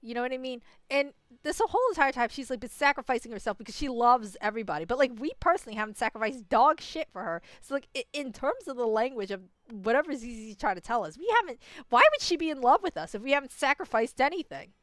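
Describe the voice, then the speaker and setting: In a dry recording, a young woman streams a story game and rants about it in exasperation, constantly saying "like" and other fillers. Her slightly high voice is expressive and quick, with few pauses.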